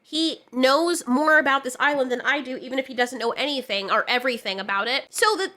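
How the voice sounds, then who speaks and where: A woman reviewing an animated show in an exasperated, sarcastic rant, swearing freely and sounding a bit unwell. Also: high-pitched, a little fast. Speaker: video reviewer. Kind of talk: ranting review commentary.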